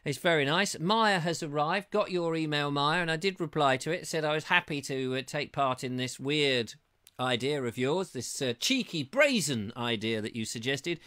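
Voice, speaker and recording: A middle-aged man from England chats his way through viewers' comments in a rambling, jokey manner. His voice is bright and fairly high for a man, and his pitch rises and falls a lot as he talks. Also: lively intonation, normal speed. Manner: rambling, jokey, playful wordplay. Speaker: host reading live chat comments. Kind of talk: casual chatty livestream.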